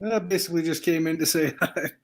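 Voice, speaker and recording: A man from Canada calling in to a livestream chat, easygoing and quick to laugh. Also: a little high, poor audio. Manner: easygoing, soft-spoken, laughs often. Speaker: viewer calling in. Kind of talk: casual chat.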